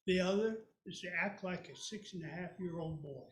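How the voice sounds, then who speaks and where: A man in his seventies telling a childhood story live to an audience, animated and folksy. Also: high voice, moderate pace, a little hiss or hum. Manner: animated, folksy, plays many voices. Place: storytelling event hall. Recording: echoey room.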